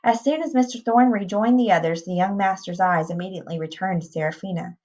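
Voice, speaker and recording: A woman reading a novel aloud in a plain, unhurried way, with small restarts. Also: mid-range voice, mellow. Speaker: reader. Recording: dull lo-fi recording.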